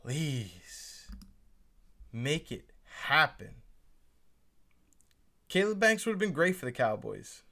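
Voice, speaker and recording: A man's voice: a little high, sing-song, a little slow, vocal fry, long pauses, pushed and bright. A young man streaming live reactions to a sports draft, pleading and exasperated, often repeating himself. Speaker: fantasy football streamer.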